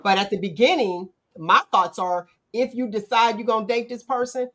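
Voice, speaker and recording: A middle-aged woman hosting a casual talk show, animated and acting out quotes in playful voices. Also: fairly high pitch, moderate pace. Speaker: podcast host. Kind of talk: casual chat.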